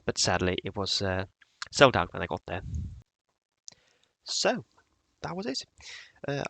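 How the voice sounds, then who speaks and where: A man's voice: on the low side, vocal fry, fairly bright tone, no echo. A man presenting his model builds in a casual tutorial vlog, hesitant with many fillers.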